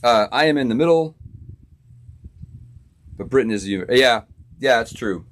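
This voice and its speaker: With a medium-pitched, expressive voice, a musician from Florida chats easily with viewers during a live stream from his home studio. He's laid-back and laughs readily.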